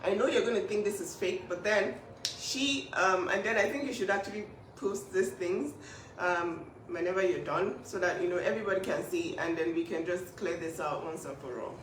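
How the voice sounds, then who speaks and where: A woman's voice: fairly low pitch, normal speed, a little hiss or hum. A woman speaking up for her younger sister in a vlog, emphatic and indignant, often repeating herself. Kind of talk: emotional vlog talk. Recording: echoey room, mic at a distance.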